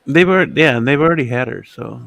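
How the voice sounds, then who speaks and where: A man in a relaxed group chat, giving frank opinions about collectible figures. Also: mid-range voice, fast, vocal fry, dry recording.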